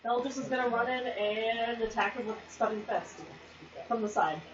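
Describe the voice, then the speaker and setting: A player in a tabletop game, talking in an unhurried, offhand way. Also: mid-range voice, fairly even intonation. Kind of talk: casual tabletop play. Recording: muffled lo-fi recording with crowd noise behind.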